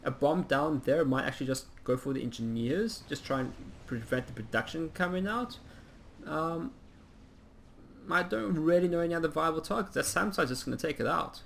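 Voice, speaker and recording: A man giving casual play-by-play commentary on a strategy game, chatty and rambling with plenty of ums, and quick to poke fun at himself. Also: a little high, animated, creaky, fairly bright tone, slight background noise. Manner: self-mocking humor. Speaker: game caster.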